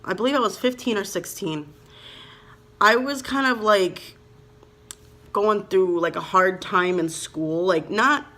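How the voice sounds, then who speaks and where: A young vlogger from Minnesota, USA, tells a personal storytime in a loose, rambling style full of "like" and "you know," emotional and sincere. Her mid-range, slightly bright voice moves at a measured pace with long pauses.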